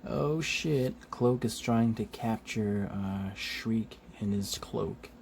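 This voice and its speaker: A man casually paging through a comic book on camera, chuckling often, filling pauses with "uh", swearing loosely and acting out the characters' lines. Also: on the low side, vocal fry, a little hiss or hum. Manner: chuckling, loose, acts out quick character quotes; many fillers, relaxed swearing. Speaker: comic book video host. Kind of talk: casual flip-through commentary.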